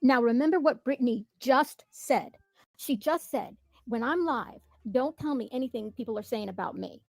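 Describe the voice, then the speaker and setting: Critical woman commentator, raised gravelly pitch, dry close sound. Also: normal speed, dry recording. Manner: pointed, critical. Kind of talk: commentary on clips.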